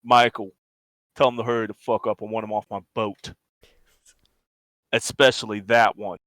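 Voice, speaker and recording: A man voicing a hulking, menacing cyborg guard who works for a corporation, with gruff, clipped threats. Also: fairly low pitch, little pitch movement, normal speed, a bit bright, no room sound, pitched below the performer's own voice, close to an everyday voice.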